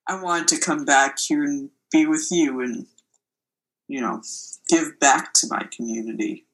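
A woman's voice: low-pitched, a little slow, fairly bright tone, low-quality recording. A woman playing a drawling farmer man. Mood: folksy. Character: folksy male farmer brother, mock humble. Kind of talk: comedy improv sketch.

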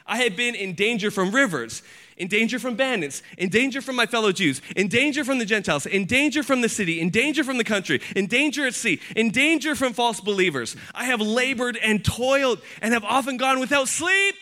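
A man's voice: very high voice, expressive, brisk, pushed and bright, pitched above the performer's own voice, full character voice. A man reading as an ancient apostle declaiming. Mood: fervent. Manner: declaiming, voice rising in dramatic recitation.

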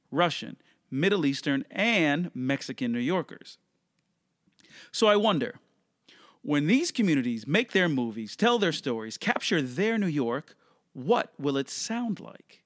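A man hosting his own podcast, talking through a casual solo monologue at a close microphone, conversational and sometimes jumping up in pitch. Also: no room sound. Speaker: podcast host.

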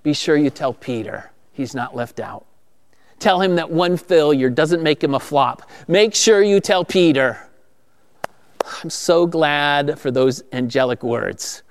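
Emphatic pastor, man, clear higher voice. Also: lively intonation, unhurried. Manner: emphatic preaching, rising for quoted lines. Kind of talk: sermon.

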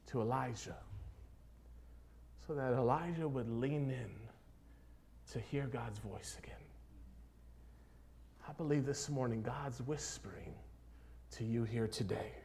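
A man with a mid-range voice preaches a sermon as pastor, shifting between hushed, near-whispered passages and loud, rising exhortation. He repeatedly poses rhetorical questions.

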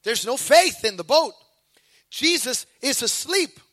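Preacher, male, high and bright, animated storyteller who acts out voices, dry close sound. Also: a little slow, dry recording. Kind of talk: sermon.

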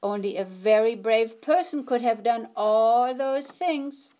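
Storybook grandmother, older woman, soft steady voice, unhurried, calm, voiced by a woman narrator. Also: on the high side. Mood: encouraging.

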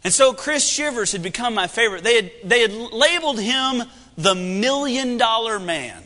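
A young preacher shares a sermon story at a moderate pace, folksy and animated, his energy swelling and dipping. His voice rings high and bright, and the hall lends the sound a long echo.

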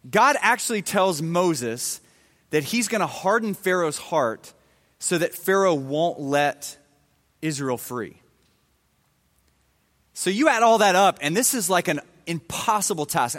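Male preacher, relaxed storyteller, slangy and conversational, lifted pitch. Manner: conversational, retells scripture in everyday slang. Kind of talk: casual Bible-story sermon. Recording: long hall reverb.

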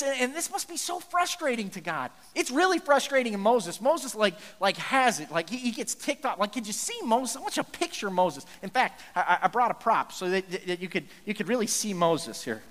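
A man preaching a sermon as pastor, telling the story in an animated way with jokey asides. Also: high-pitched, brisk, hardly any pauses, in a large hall.

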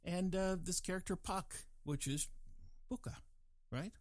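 A man musing in a casual monologue, digressive and animated, with chuckling asides. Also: high voice, measured pace, no echo.

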